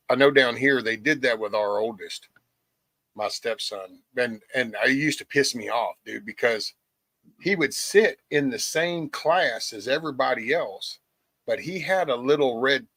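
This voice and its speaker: A man's voice: medium pitch, moderate pace, no echo. Laid-back man in casual chat, dry sound. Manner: relaxed, agreeing, casual cursing.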